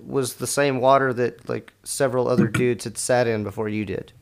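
A man co-hosting a podcast in casual chat, reading history notes aloud with halting fillers and restarts. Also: medium pitch, fairly even intonation, vocal fry, darkish tone. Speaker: podcast co-host.

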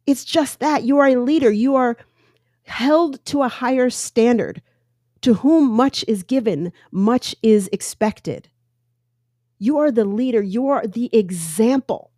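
Her pitch sits fairly high and her tone is mellow, captured in studio quality with no room sound. Hosting a podcast on her own, she tells a news story and shares her views casually, wandering off track and revising what she says.

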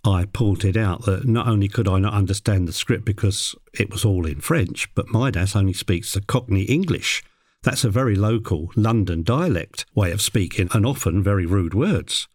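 An animal handler tells a personal work anecdote in a dry, wry way, his voice darkish and moderately paced with no room sound. At one point he mimics a parrot in a high voice.

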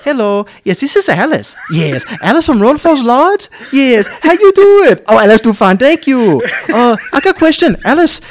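A man's voice: very high-pitched, big pitch swings, normal speed, hardly any pauses, voice pushed up, full character voice. A man voicing a bubbly, sweet woman innkeeper who speaks broken English and talks about herself by name. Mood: chirpy.

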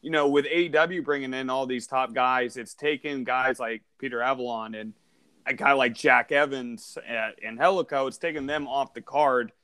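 A man's voice: medium pitch, moderate pace, bright, forceful tone, clean tone, dry recording. A man co-hosting a podcast, asking questions and talking eagerly about wrestling. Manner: enthusiastic wrestling fan talk. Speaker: podcast co-host. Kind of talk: casual podcast chat.

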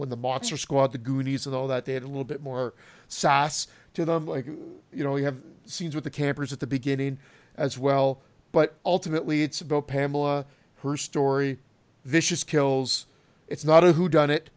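A man co-hosting a podcast in casual chat, rambling loosely and laughing between thoughts. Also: mid-range voice. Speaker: podcast co-host.

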